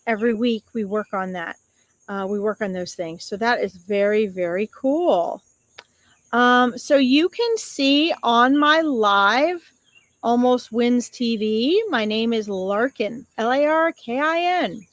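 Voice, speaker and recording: Chatty, higher-voiced woman reading live comments. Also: expressive, slow, dry recording. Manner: chatty and affectionate, greets viewers with pet names. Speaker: psychic medium hosting a live stream. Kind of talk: casual live-stream chat reading viewer comments. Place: outdoors.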